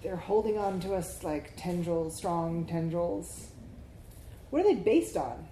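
A woman's voice: fairly low pitch, moderate pace, warm tone. A woman meditation teacher giving a reflective dharma talk, drawing answers from the group and often checking in with "right?". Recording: echoey room, faint background noise.

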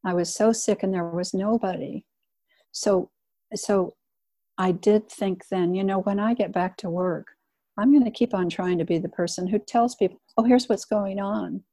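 Here the same kind of speaker, an older woman in hospice care, shares frank personal reflections in a storytelling manner. Her mid-range voice is steady and dark in tone, delivered at a moderate pace on a dry recording.

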